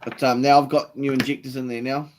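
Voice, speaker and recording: A man's voice: mid-range voice, little pitch movement, fast talker, a little mellow, a little hiss or hum. A man with a New Zealand accent hosting a casual live stream, laid-back, swearing freely and answering viewer comments.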